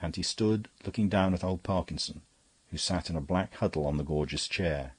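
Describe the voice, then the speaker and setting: A man narrating a classic detective novel as an audiobook, in a steady, even storytelling delivery. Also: sits low, husky, dry recording.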